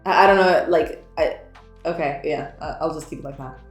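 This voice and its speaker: A woman's voice: sits low, normal speed. Young woman streamer rambling and giggling a lot, tripping over words, roomy echo, faint music in the back. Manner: giggly, laughs often, trips over words. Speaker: game developer streamer. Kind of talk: casual livestream chat, greeting viewers.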